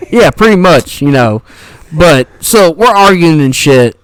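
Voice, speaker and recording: A young man spinning a rambling, swear-heavy story on a podcast. His pitch is fairly high and swings widely as he gets going. The sound is dry and close to the mic. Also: takes it slowly, clear, resonant tone, no room sound, rough recording. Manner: profane, rambling, animated storyteller. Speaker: podcast co-host.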